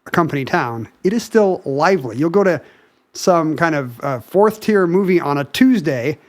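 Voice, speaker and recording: A man's voice: a little high, lively intonation, normal speed. A man co-hosting a podcast in casual chat, joking and explaining at length. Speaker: podcast co-host.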